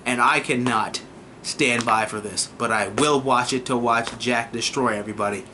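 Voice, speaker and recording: A young man casually reviewing a TV episode, excitable and profane, often slipping into mocking voices. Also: mid-range voice, moderate pace, background noise. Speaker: TV review vlogger.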